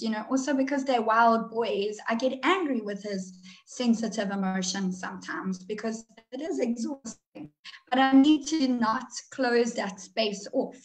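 Candid woman with a higher voice. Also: rough recording. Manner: candid, halting, self-reflective. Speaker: panelist. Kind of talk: casual chat.

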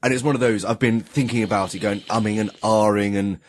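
Podcast co-host, male; slightly low, husky, chatty storyteller who restarts and quotes others. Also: steady tone, fairly quick. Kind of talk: casual chat.

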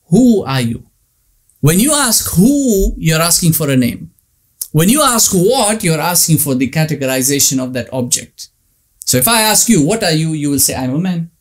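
A man giving a religious lecture, emphatic, repeating points and asking rhetorical questions. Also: fairly high pitch.

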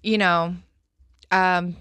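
A woman in her thirties answers interview questions in a candid, relaxed way, often with small fillers. Her voice is bright and clear, and the studio sound is dry and close. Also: fairly low pitch, drawn-out words, no echo. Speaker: guest. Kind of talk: casual interview chat.

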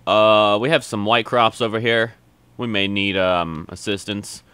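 A man's voice: on the low side, fairly even intonation, a little slow, sharp tone, clean tone, no echo. A man casually commenting on a farming game, rambling and correcting himself as he plays. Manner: rambling, self-correcting, chatty. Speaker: gameplay commentator.

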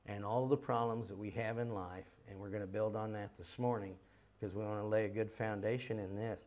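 A man's voice: on the low side, steady tone, brisk, darkish tone. A man teaching a ministry seminar in an earnest, emphatic way, repeating key phrases and firing off runs of rhetorical questions.

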